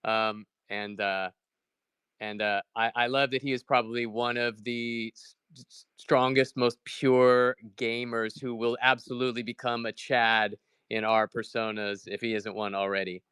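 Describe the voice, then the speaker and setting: A man on a podcast panel, halting and stumbling over his words. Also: mid-range voice, level tone, a bit bright, clear, resonant tone, dry recording, clean studio sound. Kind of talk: casual chat.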